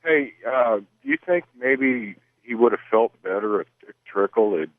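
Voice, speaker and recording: A man calls into talk radio and speaks earnestly, slowing down to stress key words. His mid-pitched voice is tinny and dry, heard over a phone line. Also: lively intonation, no room sound. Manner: earnest, reciting slowly for emphasis. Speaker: caller.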